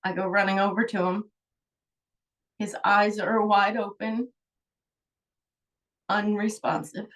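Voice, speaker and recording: Middle-aged woman, emotional rambling storyteller, sighs, medium pitch, a bit far from the mic. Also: little pitch movement, slow pace, fairly bright tone. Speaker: holistic healer. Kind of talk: personal storytelling monologue.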